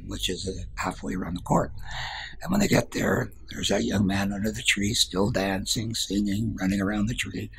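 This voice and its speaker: A man's voice: fairly low pitch, normal speed, vocal fry, breathy edge. A man giving a spiritual talk as a teacher, telling a story in an earnest way and dropping to a whisper at times.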